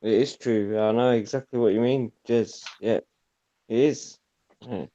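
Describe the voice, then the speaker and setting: A man's voice: medium pitch, fairly even intonation, unhurried, warm tone, muffled recording. A man in casual chat who keeps agreeing with the host in short replies.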